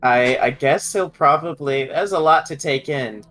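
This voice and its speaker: A man's voice: a little high, unhurried, a bit bright, faint music behind, rough recording. Hesitant man playing a tabletop game. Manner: hesitant, thinking aloud. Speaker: player. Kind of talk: casual tabletop play.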